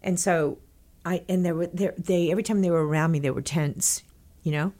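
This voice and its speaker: A middle-aged woman from Texas, a guest telling a long anecdote in animated bursts, quoting people as she goes. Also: lowish voice, brisk. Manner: animated, breathless anecdote-telling with quoted dialogue. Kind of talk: conversational storytelling.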